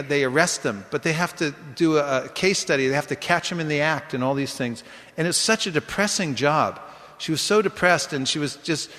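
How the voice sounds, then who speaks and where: A man with a fairly high voice tells stories to a class, animated and chatty, sometimes acting out the people he met. The sound is echoey, with a long hall reverb around him. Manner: animated storyteller, acts out voices in quotes. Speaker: book distribution speaker. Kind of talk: informal class talk with anecdotes. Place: temple hall.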